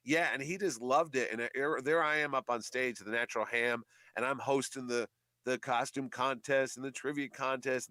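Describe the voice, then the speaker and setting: A man who organizes a comic convention, chatting casually in a radio interview and telling animated stories. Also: medium pitch, no echo. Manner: chatty storyteller, animated quoting of others.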